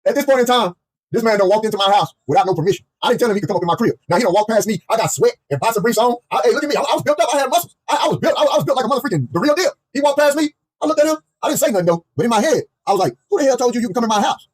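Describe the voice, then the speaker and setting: A young man tears through a comic personal story at breakneck speed, cursing freely and circling back over the same phrases. His voice sits high for a man and has a husky edge. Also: very fast. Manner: animated, profane, heavily repetitive. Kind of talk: casual comedic storytime.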